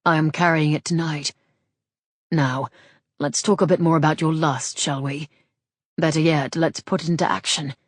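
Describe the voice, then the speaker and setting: A teasing, roguish gentleman swordsman who drawls low and lazily with flirtatious ease, as a woman reads him in an audiobook. The voice sits deep and a touch husky, recorded close and dry. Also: fairly even intonation, normal speed, pauses often, dry recording. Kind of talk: audiobook character voice.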